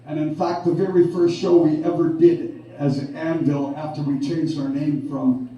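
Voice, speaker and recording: A man's voice: a little high, level tone, moderate pace, warm tone, muffled recording. Raucous Canadian-born rock frontman. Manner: rowdy, profane and chuckling. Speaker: band frontman. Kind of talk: onstage storytelling between songs. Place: live music club stage. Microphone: stage vocal mic through the PA. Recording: echoey club sound from far off.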